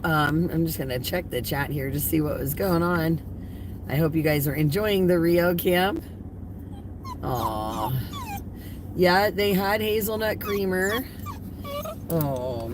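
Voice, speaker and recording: A middle-aged woman hosting a casual live stream from inside her car, chatting and slipping into high baby talk for her dog. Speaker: livestream host. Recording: distant mic with loud car noise.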